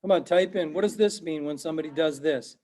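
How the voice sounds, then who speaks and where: A man's voice: on the high side, fast talker, mellow. A middle-aged man, a professor, giving an online class lecture in a conversational way, repeating himself and quizzing his students.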